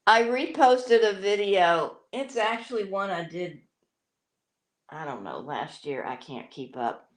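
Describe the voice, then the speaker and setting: Slow, lively-pitched chatty woman. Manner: rambling, chatty, many fillers and restarts. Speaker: parrot owner and show host. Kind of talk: casual live-stream chat. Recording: roomy echo.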